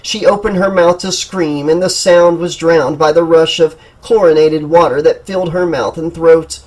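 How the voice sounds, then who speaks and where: Husky male narrator, slightly high voice, steady and dramatic, audiobook reading. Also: normal speed, poor audio. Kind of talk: scripted narration.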